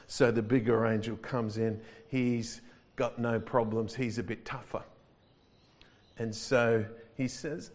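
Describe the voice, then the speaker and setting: A man's voice: medium pitch, fairly even intonation, takes it slowly. A male pastor preaching a sermon in a conversational, wry manner, stretching words for emphasis.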